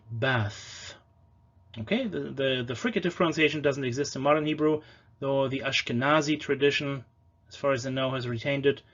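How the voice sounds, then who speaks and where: Male lecturer, mid pitch, patient explainer who slows to sound out words; slightly dull lo-fi recording. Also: fairly bright tone. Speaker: language lecturer. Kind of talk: educational lecture on pronunciation.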